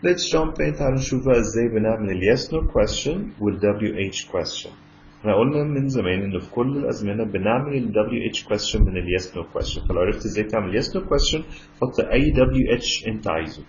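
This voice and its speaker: A man with a somewhat low voice teaches a grammar lesson at a very fast clip. He rushes through his explanations and then stretches out each model sentence slowly. The recording is dull and lo-fi, with a faint hiss underneath. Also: animated, darkish tone. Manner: switches between rapid explanation and slow, drawn-out model sentences. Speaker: English teacher.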